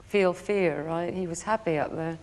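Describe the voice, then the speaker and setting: A woman guesting on a television chat show, answering in a relaxed, easygoing way. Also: on the low side, normal speed. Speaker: guest photographer. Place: television studio. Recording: studio reverb.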